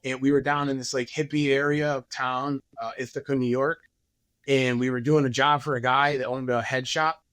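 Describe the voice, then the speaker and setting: A man's voice: medium pitch, level tone, normal speed, fairly bright tone, smooth, no echo. A man, a podcast guest, telling his story candidly and acting out other people's lines. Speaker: podcast guest, business owner.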